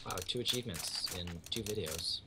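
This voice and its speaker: A man's voice: lowish voice, a little fast, noisy background. A man calling out enemy positions during a team game, poking fun at himself. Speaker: gaming teammate. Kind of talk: casual gameplay callouts. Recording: loud gunfire under voice chat.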